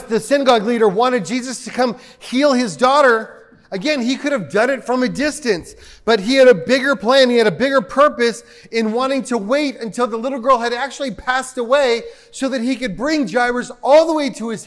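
A man's voice: very high voice, fairly bright tone. A man preaching a sermon in a church, conversational and joking with the congregation. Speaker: pastor.

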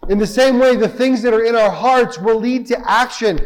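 High-voiced preacher in an echoing hall. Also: male voice, moderate pace. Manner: emphatic, rhetorical questions, reads scripture aloud. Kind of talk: sermon.

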